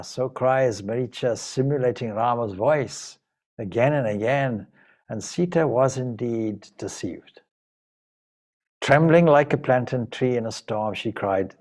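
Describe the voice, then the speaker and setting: A man's voice: mid-range voice, measured pace, a little mellow. A man, a monk and spiritual teacher, emotively retelling an ancient epic in a spiritual talk. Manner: emotive, dramatic retelling with voiced dialogue. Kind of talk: storytelling talk of a sacred epic.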